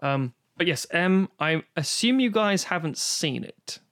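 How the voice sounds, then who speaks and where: This podcast co-host sounds a little high and fairly bright, with lively intonation and an unhurried delivery. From his home, recording remotely during lockdown, he enthuses casually about an old film while swearing freely and rambling through restarts.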